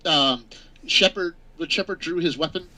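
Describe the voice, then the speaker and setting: A man narrating as game master of a tabletop game, halting and full of fillers. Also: a little high, bright, forceful tone, low-quality recording.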